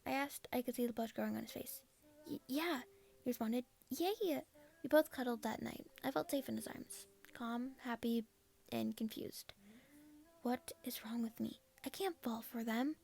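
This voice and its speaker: A woman's voice: on the high side, fairly even intonation, moderate pace, creaky, a little mellow. A woman casually reading her own first-person fan fiction aloud. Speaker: fanfiction reader.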